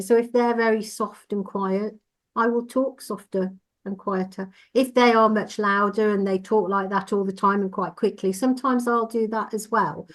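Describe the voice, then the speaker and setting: A woman who trains driving instructors, talking in a measured, reassuring and explanatory way in a casual podcast discussion. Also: medium pitch.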